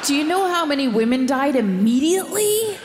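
Lively woman, critical, roomy hall, faint hiss. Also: sits high, brisk. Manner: expressive, critical. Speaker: podcast co-host. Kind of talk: casual movie discussion.

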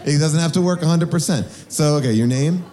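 A man's voice: on the high side, brisk, warm tone. A man hosting a live podcast show, rambling and joking with the audience and using lots of filler words. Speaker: podcast host.

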